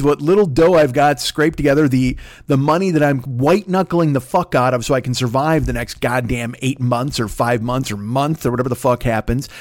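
A man hosting a comedy podcast, ranting in a profane, rambling, excitable way with lots of restarts. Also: medium pitch. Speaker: podcast host. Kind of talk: comedic rant.

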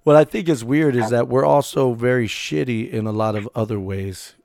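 A man co-hosting a casual chat, gravelly and halting, often restarting his sentences in a jokey way. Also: medium pitch, fairly even intonation, darkish tone, no echo, clean studio sound. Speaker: podcast co-host.

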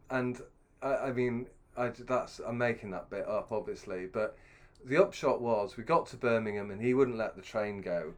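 A man's voice: mid-range voice, normal speed. A middle-aged man telling a long, self-deprecating anecdote with many restarts. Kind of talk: anecdotal storytelling.

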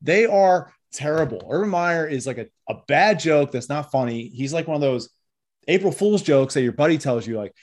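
A man's voice: a little high, moderate pace. A man co-hosting a sports podcast in casual, joking chat, acting out little quoted voices. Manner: animated, jokey, acts out quoted voices. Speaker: podcast co-host.

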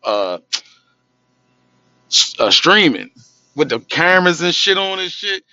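A man in his thirties in casual podcast chat, telling stories with lively acted-out quotes. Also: unhurried, no room sound, highs cut off. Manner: animated storyteller, acts out quotes in a high voice. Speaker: podcast co-host.

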